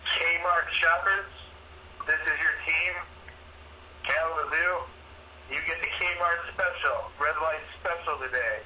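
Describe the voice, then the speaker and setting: A man's voice: fairly high pitch, slow, long pauses, pushed and bright, slight background noise, poor audio. A man co-hosting a sports picks show in casual banter, joking and mock-indignant as he makes his picks.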